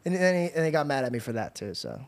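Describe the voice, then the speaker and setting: A man hosting a podcast, telling a story in a casual, animated way, swearing often and calling people bro. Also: medium pitch, rapid-fire, creaky. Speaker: podcast host.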